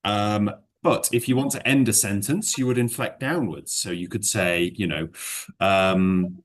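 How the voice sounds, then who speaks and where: Man, very low voice, english exam tutor, chatty lesson, hedging, lots of fillers, explains with examples. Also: fairly even intonation, a little slow. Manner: rambling, hedging, full of fillers. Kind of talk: one-to-one lesson chat.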